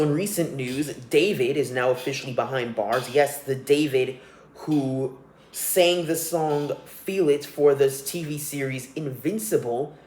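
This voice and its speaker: A young man hosting a solo podcast, ranting with profanity and scorn. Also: mid-range voice. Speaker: podcast host. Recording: roomy echo.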